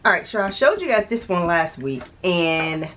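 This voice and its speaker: Woman, casual vlogger, chatty, thinking aloud, slightly low voice, faint hiss and clicks. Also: big pitch swings, moderate pace, fairly bright tone. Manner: chatty, thinking aloud with restarts and little laughs. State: hiccups. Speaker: budgeting vlogger. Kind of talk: casual vlog talk to camera.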